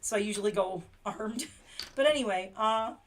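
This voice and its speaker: A woman's voice: medium pitch, moderate pace, slight background noise. Middle aged lady chatting on a livestream, rambly, laughs a lot. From Pennsylvania, USA. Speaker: livestream host. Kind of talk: casual livestream chat.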